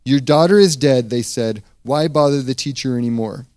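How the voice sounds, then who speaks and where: A man preaching a sermon as pastor, retelling a scripture story in a casual, animated way with frequent restarts. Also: medium pitch, normal speed, dry recording, clean studio sound.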